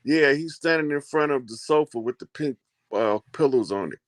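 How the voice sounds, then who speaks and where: A man's voice: mid-range voice, moderate pace, dry recording, clean studio sound. A man on a casual live video call, giving brief, matter-of-fact replies about what he can see.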